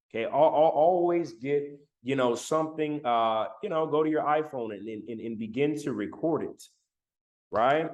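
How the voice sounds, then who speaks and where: A man's voice: medium pitch, normal speed, darkish tone. A man giving a motivational talk on a live stream, emphatic, repeating key lines and calling on viewers in the chat, on a laptop microphone. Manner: emphatic, repeats phrases, addresses chat directly. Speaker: motivational speaker. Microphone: laptop mic.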